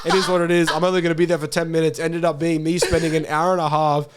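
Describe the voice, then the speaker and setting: Brief: young Australian man, podcast guest, quick rambling storyteller who swears freely. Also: fairly high pitch, flat delivery, smooth. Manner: rambling, swears a lot, acts out his own thoughts. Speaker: guest musician.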